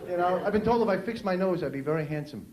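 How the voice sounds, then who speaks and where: A New York City stand-up comedian with a New York accent delivers wry, self-mocking jokes with punchy punchlines before a live comedy club audience. His high voice is animated and fast, captured on a noisy old VHS tape in an echoey club.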